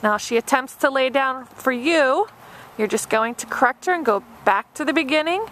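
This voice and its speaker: A woman's voice: high-pitched, lively intonation, normal speed, fairly bright tone, a little hiss or hum. A woman dog trainer narrating an obedience demonstration step by step, with a patient and encouraging manner. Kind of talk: instructional narration.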